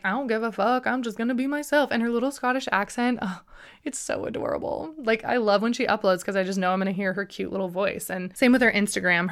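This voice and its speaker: A young woman from the United States hosting a casual podcast, chatty and gushing, with lots of fillers. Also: medium pitch. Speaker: podcast host.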